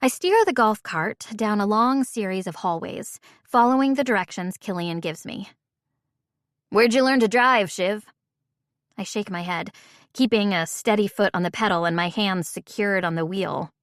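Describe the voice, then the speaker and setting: Audiobook narrator: woman, mid-range voice, wry measured first-person read, dry booth sound. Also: medium pitch, lively intonation, dry recording.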